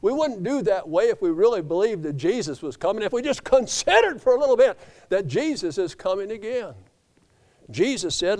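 Impassioned preacher with a high voice. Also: male voice, animated, fairly quick. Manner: swings from hushed low tones to raised impassioned climaxes; quotes scripture with slips and self-corrections. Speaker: pastor. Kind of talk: sermon.

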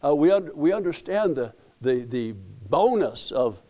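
A man's voice: on the high side, very animated, a little slow, mellow. A middle-aged man, preaching a sermon as pastor in a folksy storytelling way, often repeating and restarting words.

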